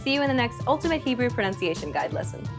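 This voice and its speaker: A woman presenting a scripted language lesson, with upbeat and clear instructional delivery. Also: fairly high pitch, big pitch swings, rapid-fire, over loud music. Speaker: language teacher.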